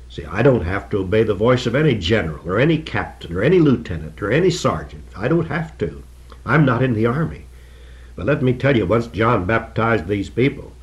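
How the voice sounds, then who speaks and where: An older man preaching a sermon in an earnest, emphatic way, repeating key phrases and slowing down to stress them. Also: lowish voice.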